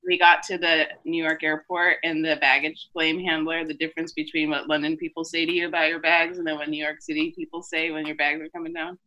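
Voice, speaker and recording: Bright-voiced woman co-host, lo-fi sound. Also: low-pitched, little pitch movement, fairly quick, hardly any pauses. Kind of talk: casual chat.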